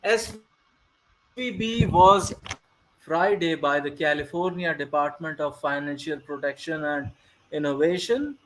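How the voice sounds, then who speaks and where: A man with a high voice reads a news piece aloud, slow and deliberate. He stumbles and restarts lines as he goes, talking over an online call. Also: fairly bright tone, poor audio. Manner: reads slowly with halting restarts. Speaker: co-host reading a news article. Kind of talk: casual group chat, reading aloud.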